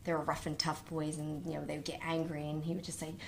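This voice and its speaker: A woman who teaches kindergarten, telling stories in a casual conversation and talking with animated swings in pitch. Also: vocal fry, slight background noise. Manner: animated storyteller, quick rises in pitch.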